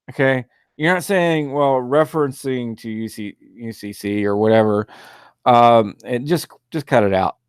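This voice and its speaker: A talk radio host with a mid-range, clean-toned voice delivers a loose, rambling casual monologue full of fillers, often laughing and sounding exasperated and mocking. The recording is dry and studio quality.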